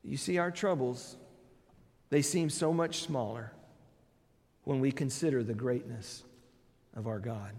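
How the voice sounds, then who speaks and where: A man preaching a sermon, emphatic, moving between loud declarations and quiet, low phrases. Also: unhurried, pauses often, in a large hall.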